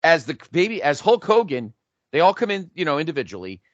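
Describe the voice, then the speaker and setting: A man co-hosting a podcast, telling an imagined match as animated, profane play-by-play in casual chat. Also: on the high side, fast, no room sound, muffled recording. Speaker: podcast co-host.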